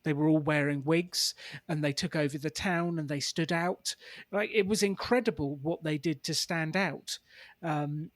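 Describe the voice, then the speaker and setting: A man hosts a casual podcast chat, his voice a touch higher than most men's. He tells stories with an easy laugh, recorded close and dry with no room sound. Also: normal speed, dry recording. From England. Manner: chatty, laughs easily while telling anecdotes. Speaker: podcast host.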